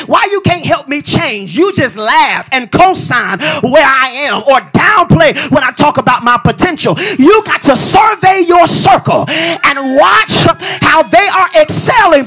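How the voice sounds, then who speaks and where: A male pastor preaching a sermon, building into shouts and sing-song cadences, with call-and-response lines to the congregation. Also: extremely high pitch.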